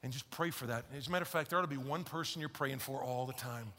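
A male pastor preaching a conversational, emphatic sermon in a large church, swinging from loud to hushed. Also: mid-range voice, quick pace. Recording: long hall reverb in a church.

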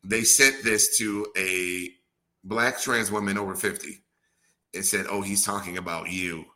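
A man's voice: low-pitched, steady tone, unhurried, pushed and bright. A man hosting a casual podcast chat, laid-back and laughing easily, with casual swearing. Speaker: podcast host.

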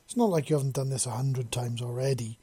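A man's voice: mid-range voice, fast talker, mellow, breathy edge, dry recording, lightly acted. A man reading a story, voicing an impatient female soldier who scolds. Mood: scolding.

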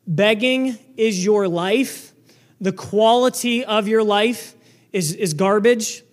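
Very high-voiced loud preaching man. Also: slow pace. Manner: loud, earnest, repetitive restarts. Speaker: pastor. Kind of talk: sermon. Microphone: microphone.

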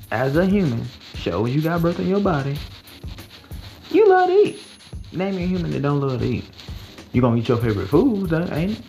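A man's voice: mid-range voice, creaky, poor audio. A young man in his twenties hosting a casual late-night livestream, talking in rambling, profane slang with many restarts. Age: 20s. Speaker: livestream host.

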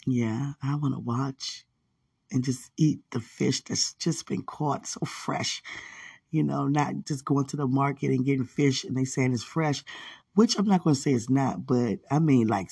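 A man with a gravelly, husky voice rambles through a casual podcast monologue, full of fillers and easy laughter. He sits a little back from the mic in a dry, dead room. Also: mid-range voice, takes it slowly, a little mellow, no room sound, far from the mic. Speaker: podcast host.

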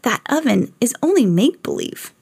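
A woman's voice: a little high, big pitch swings, moderate pace, gravelly, darkish tone, slightly rough, dry recording, clean studio sound, voice pushed up, full character voice. A woman doing a matter-of-fact little schoolboy. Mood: deliberate.

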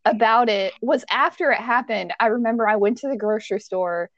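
A woman with a somewhat high voice chats and teases her co-host on a podcast, restarting her sentences as she goes. The recording is dry and dull, with a lo-fi edge. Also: a little fast, a bit bright, no room sound. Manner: chatty, teasing, trails off and restarts. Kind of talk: casual chat.

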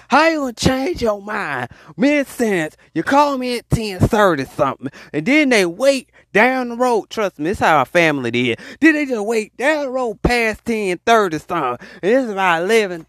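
Podcast host, male, preachy and animated, lively high pitch. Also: no room sound, clean studio sound. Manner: animated, preachy, repeats himself. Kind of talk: ranting monologue.

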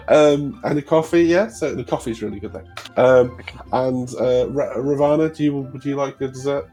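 A man's voice: mid-range voice, unhurried, dark tone, faint music behind. A man narrating a tabletop game as game master, casual, laughing often and swearing freely.

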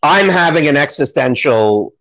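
On a lo-quality recording, a podcast co-host chats casually in a fairly high, expressive, slightly bright voice at normal speed. Sarcastic and self-deprecating, he performs the voices of people he quotes.

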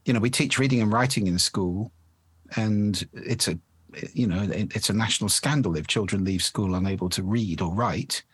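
A man who is an expert on the voice, explaining speaking habits in a measured, articulate way during an interview. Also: fairly low pitch, fairly bright tone, breathy edge, no room sound.

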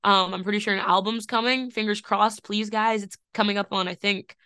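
Young woman podcast co-host, gushy and sweary, bright voice. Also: mid-range voice, fairly quick, clear, resonant tone, no echo, clean studio sound. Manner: gushing, excitable, swears a lot. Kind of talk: casual music news chat.

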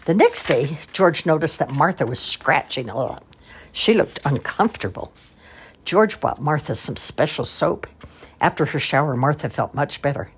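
Low, husky grandmother reading stories. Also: normal speed. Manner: expressive, storytelling cadence. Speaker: storybook reader. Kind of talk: reading picture books aloud.

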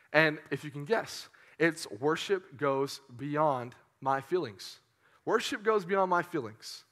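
High, bright-voiced young male preacher. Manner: casual, joking, energetic preaching to a youth group. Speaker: youth pastor. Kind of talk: sermon.

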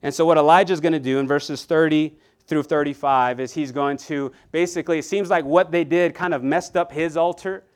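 Male pastor, lively sermon delivery, smooth resonant voice, slightly high. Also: brisk, few pauses. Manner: animated preaching with frequent repetitions and asides to the congregation.

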